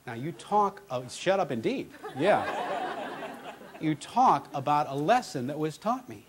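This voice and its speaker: A middle-aged man giving a motivational keynote, telling a story in an animated, conversational way. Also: a little high, a little slow, noisy background. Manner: animated, conversational, lots of restarts. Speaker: motivational speaker.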